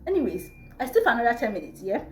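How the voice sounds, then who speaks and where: A young woman with a Nigerian accent, telling a storytime vlog in an animated, exasperated way. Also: on the high side, very fast. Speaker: vlogger. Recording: echoey room, faint music.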